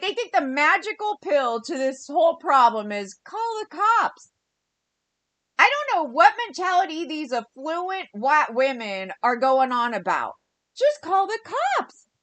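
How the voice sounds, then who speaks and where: A woman's voice: high-pitched, a bit bright, no room sound. A woman, ranting heatedly in a vlog monologue and acting out what others said. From California. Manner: heated, fast ranting with quoted dialogue. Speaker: vlogger.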